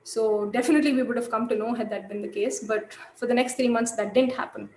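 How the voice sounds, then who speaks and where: A woman's voice: fairly high pitch, fairly even intonation, fast, darkish tone, slight background noise. Woman lecturing in an echoey room. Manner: thoughtful, many fillers and restarts. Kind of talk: lecture storytelling.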